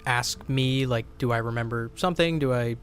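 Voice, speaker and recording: A man's voice: medium pitch, moderate pace, fairly bright tone, smooth. A man running a tabletop game as game master, asking players questions and guiding the scene.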